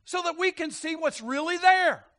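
A man preaching a sermon, animated, quick to laugh and calling out questions to his congregation. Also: very high voice. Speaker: pastor.

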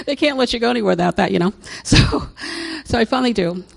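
Creaky and husky, the older woman's fairly high voice swoops wildly in pitch as she speaks at a moderate pace. She's sharing a personal story as a casual testimony, chatting away, laughing, and repeating things.

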